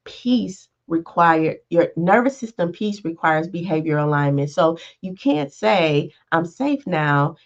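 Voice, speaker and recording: A woman's voice: fairly low pitch, animated, slow, few pauses, muffled recording. A woman hosting a podcast as a life coach, talking in a casual motivational monologue, often checking in with "right?" and "all right". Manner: conversational, frequent "right?" and "all right" check-ins.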